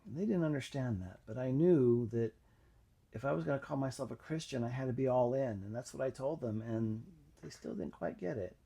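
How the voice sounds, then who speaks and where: A man's voice: mid-range voice, creaky, warm tone, slightly rough. Reflective man sharing a personal testimony. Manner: reflective, halting, many fillers. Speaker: channel host.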